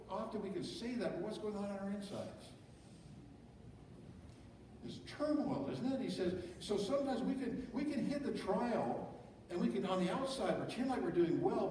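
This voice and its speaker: Brief: middle-aged male pastor, fairly high voice, chatty sermon full of rhetorical questions, distant mic in a reverberant church hall. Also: darkish tone, a little hiss or hum. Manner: conversational preaching with rhetorical questions. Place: church sanctuary. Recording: echoey church hall from far off.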